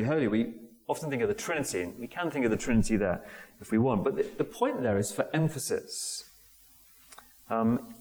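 A man giving a conversational sermon, often pausing with fillers and restarting sentences. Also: mid-range voice, darkish tone. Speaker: preacher. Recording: long hall reverb.

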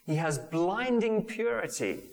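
A man giving a conversational sermon, often pausing with fillers and restarting sentences. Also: sits high, very animated, vocal fry. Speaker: preacher. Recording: long hall reverb.

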